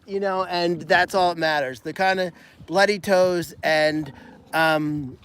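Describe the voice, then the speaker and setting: A man's voice: high voice, steady tone, slow pace, fairly bright tone, a little hiss or hum. A man who runs an animal sanctuary, chatting in a rambling, casual way on a live stream, with many restarts and fillers. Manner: rambling, frequent restarts and "you know" fillers.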